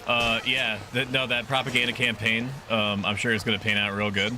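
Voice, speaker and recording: A man's voice: mid-range voice, level tone, brisk, noisy background. A man casually commenting on a game stream, swearing freely and reading game text aloud in a jokey way.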